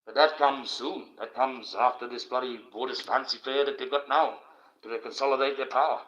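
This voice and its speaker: A man's voice: mid-range voice, fairly even intonation, moderate pace, a bit bright. An Australian man ranting on a livestream, crude and profane, rambling with stumbling restarts. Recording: dull lo-fi stream audio.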